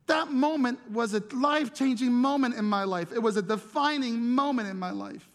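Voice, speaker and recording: High-voiced pastor in an echoing hall. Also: male voice, moderate pace, hardly any pauses. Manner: conversational, repeats words while searching for them, laughs at himself. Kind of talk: storytelling sermon.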